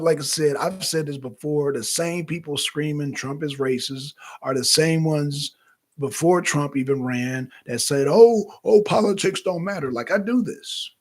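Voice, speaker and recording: A man hosting a talk show, giving casual, animated political commentary that rambles and repeats itself. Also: fairly high pitch.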